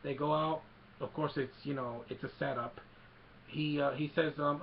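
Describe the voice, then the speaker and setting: Rambling man with a gravelly voice. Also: a little high, steady tone, normal speed, muffled recording, a little hiss or hum. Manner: rambling, many fillers, acts out quotes. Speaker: film recap vlogger. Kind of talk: casual movie retelling.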